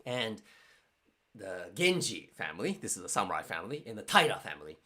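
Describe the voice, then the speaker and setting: Halting man with a bright voice. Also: lowish voice, sing-song. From Japan. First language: Japanese. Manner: halting, searching for words, frequent restarts. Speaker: online course host. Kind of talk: casual live-stream Q&A.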